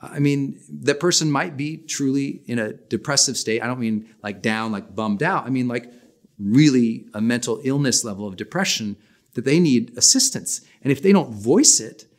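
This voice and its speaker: A man in his forties teaching a personal development class in an energetic, emphatic, conversational way. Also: mid-range voice, normal speed. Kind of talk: motivational class talk.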